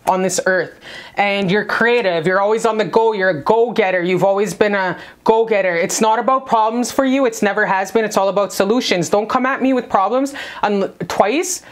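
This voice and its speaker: A woman's voice: medium pitch, moderate pace. A woman giving a casual spiritual love reading to camera, brash and profane, hyping up the viewer. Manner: brash, profane, hyped-up pep talk. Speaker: tarot reader.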